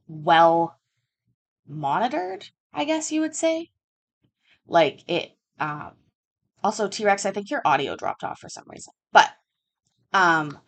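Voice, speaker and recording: A woman hosting a live chat show, telling work stories in a candid, casual way, swearing freely and using many fillers. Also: mid-range voice. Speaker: livestream show host.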